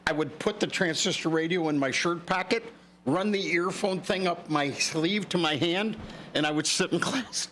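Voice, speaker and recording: A man's voice: fairly high pitch, moderate pace, fairly bright tone, slight background noise. Joking older male radio co-host. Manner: jokey, storytelling. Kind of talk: casual morning radio chat.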